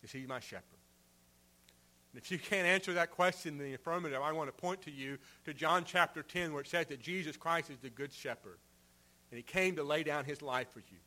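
A man preaching a sermon in an earnest way, rising for emphasis and dropping soft at the ends of phrases. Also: fairly high pitch, brisk. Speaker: pastor.

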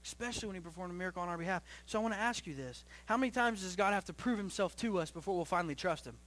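High-voiced young man preaching a sermon. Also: lively intonation, racing. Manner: preaches in rising bursts, then drops low and quiet; repeats phrases and restarts often. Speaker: pastor.

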